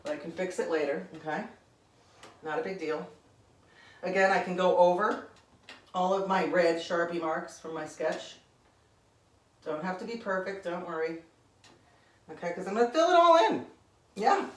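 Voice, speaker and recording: Woman, 40s, art teacher, rambling chat, keeps asking "okay?", slightly low voice, distant echoey mic. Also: normal speed, long pauses. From Connecticut, USA. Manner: chatty, rambling, says "okay?" often. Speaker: art instructor. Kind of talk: painting tutorial with chatty asides.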